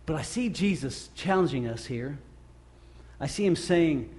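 Middle-aged man, pastor preaching, a touch high-voiced, earnest, full of restarts and swelling emphasis. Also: lively intonation. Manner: earnest, halting with repeated restarts, swells loud when acting out scripture. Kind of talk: sermon.

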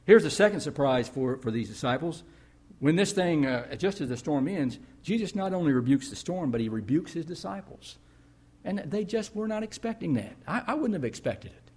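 Husky-voiced preaching man. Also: on the high side, animated, normal speed, a little mellow. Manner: storytelling, conversational preaching with emphatic rises. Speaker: pastor. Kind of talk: sermon.

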